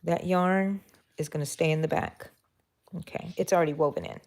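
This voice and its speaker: Speaking in a low, darkish voice with vocal fry at a moderate pace, a Texan woman leads an easygoing crochet stream. She keeps up chatter with viewers and with herself while working.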